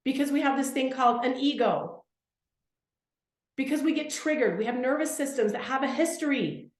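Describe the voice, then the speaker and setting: A woman in her thirties or forties speaks to a live group with eager, emphatic energy, often repeating her phrases for effect. Her voice sits a little high. The room rings with a noticeable echo. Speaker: workshop speaker. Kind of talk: live workshop talk to a group.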